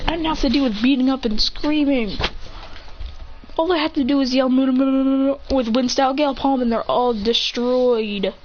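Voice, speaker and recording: A woman voicing a brash, quick-tempered young male ninja who yells dramatic outbursts. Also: high voice, pitched above the performer's own voice, natural voice. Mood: gleeful. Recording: dull lo-fi with faint hiss.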